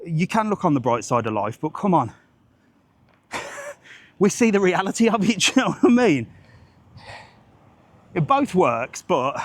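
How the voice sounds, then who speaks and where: A man, chatting rambling and jokey on a live walking vlog outdoors, swearing casually, into a handheld phone. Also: on the high side. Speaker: travel vlogger.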